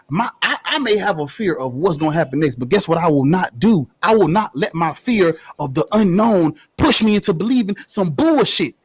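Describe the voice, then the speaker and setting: A young man with a husky, breathy voice argues fiercely in a street debate. He swears freely and preaches his points. His pitch sits high and jumps around with lively swings. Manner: fiery, profane, preachy. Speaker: debate participant.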